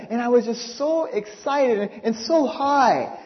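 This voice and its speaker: A man preaching a sermon, telling a story in an animated way and reading quotes aloud. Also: very high-pitched, measured pace. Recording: dull lo-fi recording.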